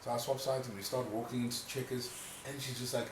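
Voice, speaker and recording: This South African man co-hosts a casual podcast, talking fast in a mid-range voice. He's an animated storyteller who acts out quotes and swears, and the mic sits at a distance in a noisy, echoey room.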